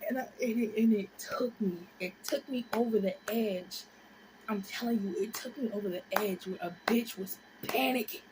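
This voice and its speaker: A woman in her twenties tells a story on her vlog, animated and profane, dropping into whispers and rising into shrieks. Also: fairly high pitch, normal speed, heavy background noise. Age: 20s. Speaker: vlogger.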